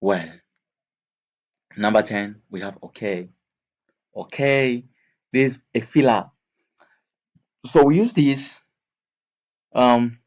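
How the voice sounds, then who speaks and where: Man teaching slowly, repeating himself. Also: mid-range voice, darkish tone. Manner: slow, repeats words and examples. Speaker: English teacher. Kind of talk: explaining vocabulary to learners.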